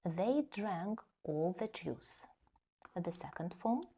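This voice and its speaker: A woman teaching an English grammar lesson, explaining slowly and carefully and reading example sentences. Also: lowish voice, lively intonation, dark tone, slightly rough.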